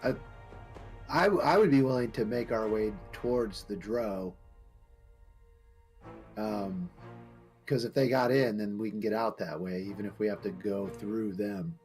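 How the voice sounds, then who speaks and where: A man's voice: fairly low pitch, measured pace, pauses often, a little mellow. A man playing in a tabletop game, a little hesitant and stammering as he starts. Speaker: player. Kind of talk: casual tabletop game chat. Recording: faint music behind.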